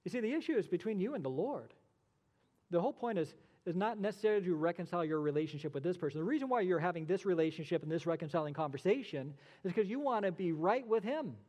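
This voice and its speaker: A man's voice: sits high, animated, quick pace, darkish tone, long reverb tail. A male pastor delivering a sermon, emphatic and full of rhetorical questions, with dry sarcastic asides.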